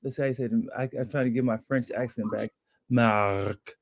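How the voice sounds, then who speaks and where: A man's voice: mid-range voice, steady tone, quick pace, darkish tone, slightly rough, no room sound. A man co-hosting a casual developer live stream. He talks upbeat and greets viewers by name.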